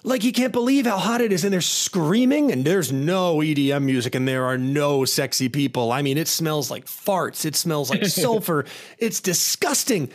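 A man's voice: a little high, animated, normal speed, few pauses. A man telling a long joke in a loose, rambling way, with fillers and restarts.

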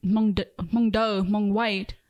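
A woman's voice: medium pitch, level tone, slow, darkish tone, no echo, highs cut off. A woman in a casual chat who laughs often and teases.

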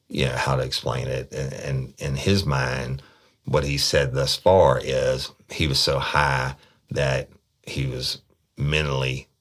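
A man's voice: extremely low pitch, a bit bright. A middle-aged man, a detective bluntly recounting an interrogation. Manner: blunt, profane storytelling.

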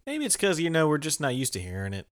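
A young man co-hosting a podcast, rambling and halting, full of fillers. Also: on the high side, huge pitch swings, no echo, clean studio sound. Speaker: podcast co-host. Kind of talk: casual chat.

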